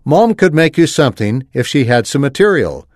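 A man's voice: medium pitch, very animated, moderate pace, dry recording, studio quality, natural voice. A man reading aloud, voicing a mocking, grumbling teenage brother with a hidden kind streak. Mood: teasing. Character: teasing gruff teen older brother, secretly kind.

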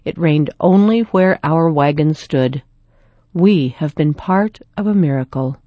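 A woman voicing a gentle, weary pioneer father in a storybook reading. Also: low-pitched, a little slow, no room sound, dull audio. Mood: reverent. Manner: gentle, reverent.

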